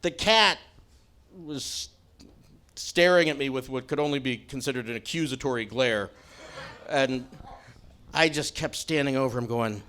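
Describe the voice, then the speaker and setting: A middle-aged man telling a self-mocking comic story on stage in a wry, animated way. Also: medium pitch, a little slow, long pauses.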